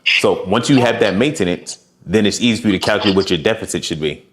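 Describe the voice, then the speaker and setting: Low-voiced man coaching on diet. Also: fast, a bit bright. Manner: direct and encouraging, talks through examples. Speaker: fitness coach. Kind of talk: coaching session.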